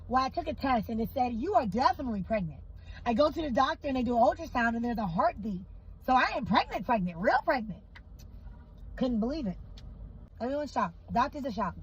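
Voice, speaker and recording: A woman's voice: fairly high pitch, slight background noise, low-quality recording. A young adult woman casually telling a personal story, acting out the voices of the people in it. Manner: animated, acts out quoted voices.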